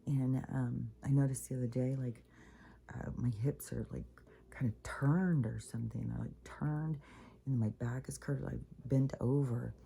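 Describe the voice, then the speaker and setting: Woman rambling on her spiritual vlog, super deep gravelly voice, lots of ums and whispery bits. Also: fairly even intonation, a little slow, dark tone. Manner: rambling, many fillers, drops into whispery asides. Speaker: vlogger. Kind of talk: casual spiritual vlog monologue.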